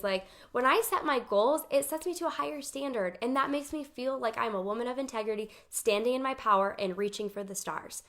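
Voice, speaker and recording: A woman with a slightly high voice gives a casual coaching talk to her viewers. She is chatty and emphatic and keeps acting out her own thoughts in lively asides. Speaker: life coach. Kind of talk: casual talk to camera, live session.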